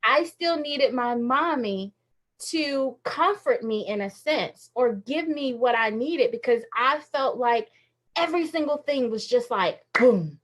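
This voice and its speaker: On a faith livestream from her phone, a thirtysomething woman speaks with a fairly high, expressive voice and an unhurried pace. Her inspirational talk is candid and emotional, and she frequently laughs while confiding.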